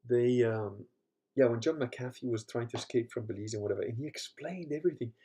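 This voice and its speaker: A man's voice: mid-range voice, fairly quick, mellow. A man hosting a casual livestream, rambling and swearing, tired from a long day on his feet. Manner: rambling, swears, laughs often. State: tired, leg cramps. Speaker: podcast host.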